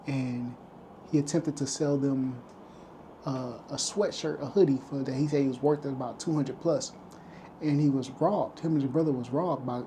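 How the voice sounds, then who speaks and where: A man's voice: mid-range voice, dark tone, slight background noise. A man vlogging, casually retelling a story to camera and acting out the lines of the people in it. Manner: retells events loosely, acting out quoted lines.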